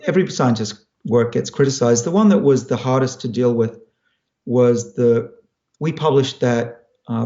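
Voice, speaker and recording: Here the Australian scientist in his fifties, whose accent has American-sounding turns, answers questions from the audience as a guest, thoughtfully explaining his work and often restarting sentences. His voice is medium-pitched and mellow. The recording is reverberant and muffled.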